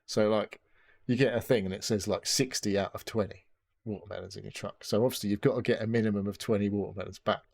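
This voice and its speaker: A man's voice: lowish voice, fairly even intonation, quick pace, gravelly, darkish tone. A man hosting a podcast, chatting casually in a rambling, sweary way full of fillers and restarts. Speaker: podcast host. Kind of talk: casual chat.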